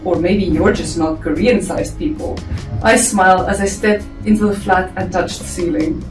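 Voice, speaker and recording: A woman reading her own story draft aloud to a family member, chatty and quick to laugh. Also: lowish voice. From South Africa. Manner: lively, laughing, chatty asides. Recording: echoey room, far from mic, faint music.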